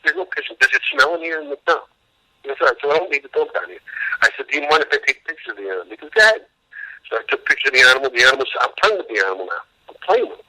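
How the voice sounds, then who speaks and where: A man's voice: mid-range voice, expressive, racing, bright, forceful tone, rough recording. A man being interviewed as an animal rescue worker, telling stories emphatically and acting out both sides of conversations. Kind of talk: interview, storytelling.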